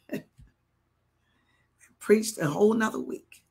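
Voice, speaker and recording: An older woman bishop preaching a live sermon, telling a personal story with animated swings between hushed and shouted delivery. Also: sits high, measured pace, slightly rough.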